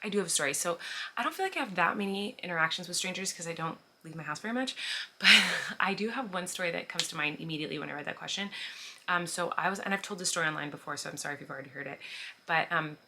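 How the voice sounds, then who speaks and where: A woman's voice: on the low side, expressive, fast, noisy background. A woman in her thirties chatting casually to camera as a vlogger, full of "like" and "um" and small laughs. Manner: chatty, frequent "like" and "um", laughs while talking. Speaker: vlogger answering viewer questions. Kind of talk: casual chat.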